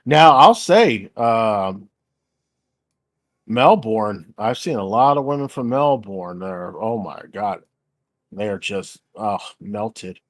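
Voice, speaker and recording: A man's voice: fairly low pitch, expressive, slow pace, no room sound, studio quality. A man hosting a stream, rambling in casual, crude chat and laughing easily. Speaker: stream host.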